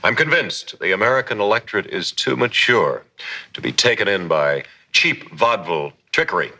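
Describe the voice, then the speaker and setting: Upright caped crusader, solemn, measured, low voice, bright sharp tone, 1960s TV. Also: male voice, big pitch swings, full character voice, poor audio. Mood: earnest. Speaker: actor in archive TV clip. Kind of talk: 1960s TV series acting.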